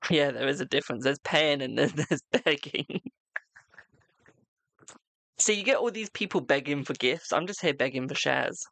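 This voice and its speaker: Animated and fairly bright, with vocal fry and frequent pauses, a medium-pitched voice talks at a moderate pace with no echo. It belongs to a tarot reader doing a casual live stream at home, reading cards for viewers and calling them "my darling" amid lots of laughter.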